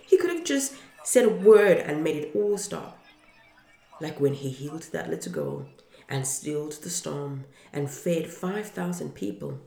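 A woman reads a children's storybook aloud with an earnest, heartfelt delivery. Her voice is low and gravelly and she takes her time, in a room with a clear echo. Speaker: parent reading to listeners. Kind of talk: storybook reading. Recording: roomy echo.

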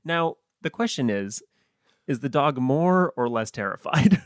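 A man's voice: medium pitch, expressive, unhurried, no echo, clean studio sound. A man co-hosting a comedy podcast, riffing playfully on silly ideas and laughing often. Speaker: podcast co-host. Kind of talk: comedic brainstorming chat.

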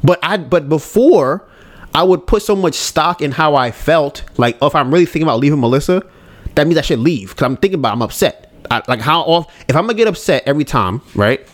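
A man's voice: a little high, lively intonation, a little fast. A man hosting a podcast, talking candidly and rambling about handling his anger, acting out his own thoughts. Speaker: podcast host. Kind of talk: casual solo podcast talk.

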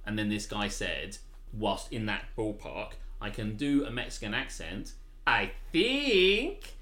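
A man's voice: fairly low pitch, animated, moderate pace, fairly bright tone, echoey room. A British man co-hosting a podcast, chatting casually, rambling through stories and laughing often. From Britain. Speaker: podcast co-host. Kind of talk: casual chat.

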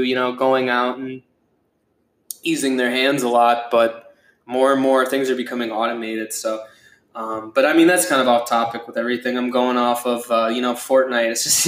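A young man talks through a casual solo podcast in a loose, rambling way. He swears often and leans on fillers as he talks. His voice has a mid pitch and echoes off the room around him. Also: a bit bright. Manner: rambling, profane, with many fillers. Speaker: podcast host.

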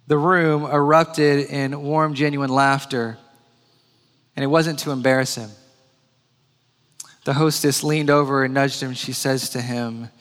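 A male preacher tells a story in a fairly high voice, pausing to repeat key phrases slowly. He is heard in a church sanctuary with a long reverb behind every word. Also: steady tone, a bit bright. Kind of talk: sermon storytelling.

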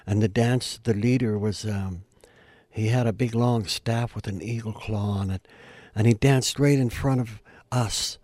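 Older man, low mellow voice, earnest storyteller, dry sound. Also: steady tone, a little slow, no echo. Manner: earnest, heartfelt, climbs in pitch and volume at emotional peaks. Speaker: guest storyteller and musician. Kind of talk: storytelling in an interview.

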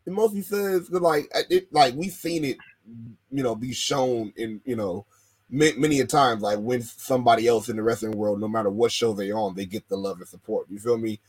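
A man's voice: mid-range voice, fairly quick, breathy edge, no room sound. A man co-hosting a casual wrestling podcast, rambling with slang and many fillers. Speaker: podcast co-host.

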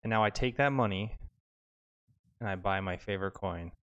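Eager, excitable man talking coins. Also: on the low side, moderate pace, highs cut off. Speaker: co-host reading viewer chat. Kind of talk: casual crypto chat.

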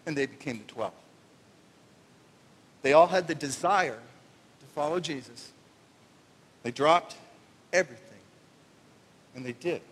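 A man preaching a conversational sermon as pastor, animated and jokey, acting out little voices. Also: on the high side, unhurried, long pauses, slightly rough. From Canada. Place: church sanctuary. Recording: long reverb of a church hall.

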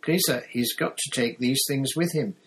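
A man voicing an eager, nervous young schoolboy in a storybook reading, raising his voice into a squeaky, breathless tone. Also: moderate pace, a bit bright, breathy edge.

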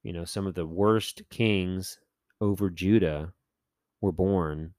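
Speaking slowly in a low, slightly mellow voice, this man hosts a podcast where he loosely retells Bible stories and voices the characters playfully. Fillers and self-corrections are frequent, and there's no room sound.

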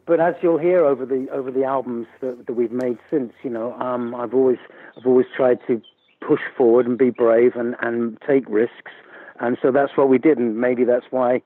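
A man's voice: medium pitch, steady tone, moderate pace. Man on a muffled phone line. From England. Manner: candid, chatty, self-deprecating with laughs. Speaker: musician guest. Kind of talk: casual interview chat.

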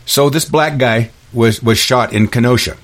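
A man's voice: mid-range voice, moderate pace. A man hosting a solo podcast, delivering an angry ranting monologue full of restarts and repeated words. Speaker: podcast host.

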